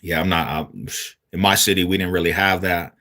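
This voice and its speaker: A man from Denver chats on a livestream in a low voice with a bright, forceful edge. He reads viewer comments aloud and answers them in loose, slangy street talk. His delivery stays easygoing throughout. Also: little pitch movement, a little fast, a little hiss or hum. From Denver, Colorado. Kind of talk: casual livestream chat.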